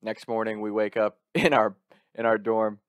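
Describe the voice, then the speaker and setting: A young man tells a story casually, talking animatedly, swearing often and breaking off into quick asides and restarts. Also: on the low side, little pitch movement, clear, resonant tone, dry recording, studio quality.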